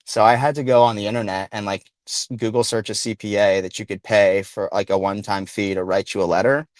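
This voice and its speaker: A man's voice: fairly low pitch, level tone, brisk, no echo. A stressed man calling in to a podcast, talking casually in long, loose sentences full of fillers. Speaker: caller.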